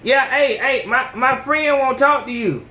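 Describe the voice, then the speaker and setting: A man mimicking a loud brash young woman. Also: extremely high pitch, a little slow, pitched above the performer's own voice, exaggerated voice. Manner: loud, brassy, profane catcalling. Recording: echoey room with faint noise.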